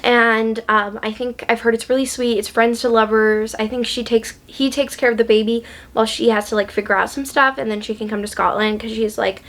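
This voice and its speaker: A woman's voice: a little high, fairly even intonation, fairly quick, hardly any pauses, a bit bright. A woman book vlogger in a casual chat, gushing and chatty, with lots of ums and likes.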